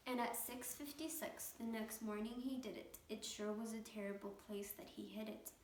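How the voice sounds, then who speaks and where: A woman reading a rhyming picture book aloud with a lively, rhythmic delivery. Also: fairly high pitch, normal speed, hardly any pauses, slight background noise. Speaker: storybook reader. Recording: echoey room, mic at a distance.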